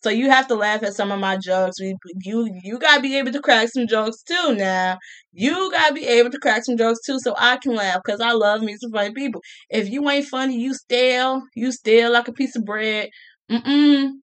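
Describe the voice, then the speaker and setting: A woman's voice: on the high side, moderate pace, fairly bright tone. A young adult woman talking casually to camera, joking, laughing often and repeating her phrases. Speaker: vlogger.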